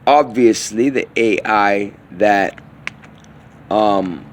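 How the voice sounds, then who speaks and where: A man's voice: fairly low pitch, very slow, slight background noise. A man delivering a meandering, slang-filled spoken monologue, often trailing off and restarting his thoughts.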